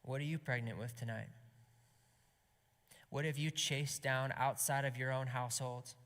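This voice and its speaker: Impassioned preacher in a reverberant hall. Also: male voice, mid-range voice, fairly even intonation, normal speed. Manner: impassioned, swings from loud to hushed whispers. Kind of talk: sermon. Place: gathering hall.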